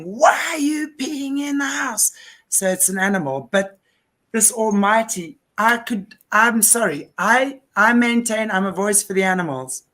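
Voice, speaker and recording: A woman hosting a talk show, passionate and emphatic as she tells a story. Her voice sits at a middling pitch, and she stresses her points firmly. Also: a bit bright. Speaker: host. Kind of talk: conversational interview.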